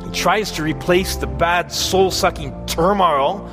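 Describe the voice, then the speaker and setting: A man preaching an earnest sermon, his fairly high voice ringing through a hall with a long echo. He asks his listeners direct questions and lets the psalm's pleas climb in intensity. Soft music plays faintly behind him. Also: unhurried.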